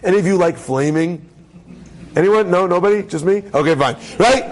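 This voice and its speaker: Animated high-voiced male storyteller rabbi. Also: normal speed. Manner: animated, joking with the audience, acts out voices. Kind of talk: storytelling talk to an audience.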